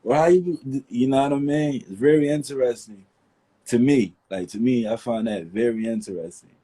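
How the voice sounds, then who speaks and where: Mellow, husky man telling it animatedly. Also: mid-range voice, moderate pace. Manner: animated storyteller, swears, calls people "bruh". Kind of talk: candid casual chat.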